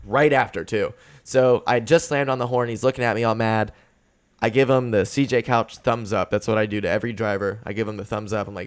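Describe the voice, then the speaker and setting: Young male podcast host, casual, sweary, animated storyteller. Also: medium pitch, normal speed. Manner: profane, fired-up storytelling. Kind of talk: casual chat.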